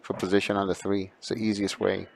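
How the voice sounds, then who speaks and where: A man's voice: low voice, flat delivery, fast talker, vocal fry. A man giving explanatory color commentary on a billiards match, breaking down shots.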